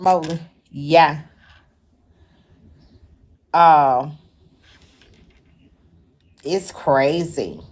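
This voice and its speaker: A woman's voice: low-pitched, very slow, long pauses, darkish tone. A woman, hosting a casual livestream and recapping a video in an agreeable, chatty way. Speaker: livestream host.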